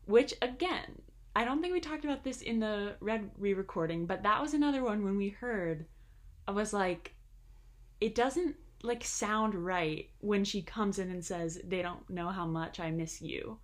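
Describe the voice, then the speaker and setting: A woman's voice: mid-range voice, animated, unhurried. A young woman co-hosting a podcast in casual chat, hedging often with "like" and "I don't know". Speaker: podcast co-host.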